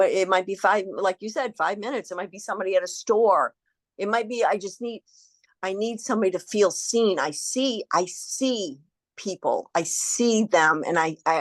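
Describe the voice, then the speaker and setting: Low-voiced woman telling stories animatedly. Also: no echo. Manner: animated storyteller, acts out quotes, swears freely. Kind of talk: casual spiritual chat.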